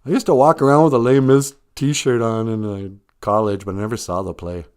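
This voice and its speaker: A man's voice: medium pitch, fairly even intonation, a little fast, a little mellow, clear, resonant tone. A man hosting a casual live stream, reading out viewer comments, often chuckling and thinking aloud in a reflective way.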